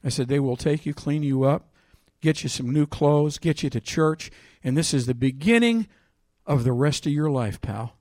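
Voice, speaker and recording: A man preaching a sermon, reading scripture aloud with loud emphasis and telling a personal story in a quieter voice. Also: fairly high pitch, moderate pace, few pauses, no echo, studio quality.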